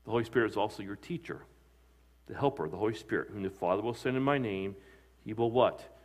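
A man with a fairly low voice preaches a sermon as a pastor. He swings between strong, emphatic lines and quieter, softer ones, often putting questions to his listeners and answering them himself. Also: quick pace. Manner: emphatic preaching with rising and falling loudness, asks the congregation questions.

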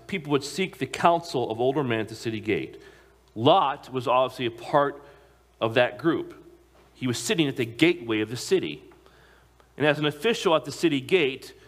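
A man preaching a sermon to a congregation, emphatic, slowing down to stress key phrases. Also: medium pitch. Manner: emphatic, slows down on key phrases, occasional repeated words.

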